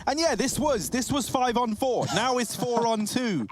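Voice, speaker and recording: A man casting live esports, animated in the play-by-play and joking with his co-caster. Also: very high-pitched, moderate pace, very noisy. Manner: animated, jokey banter. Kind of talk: live play-by-play commentary and banter.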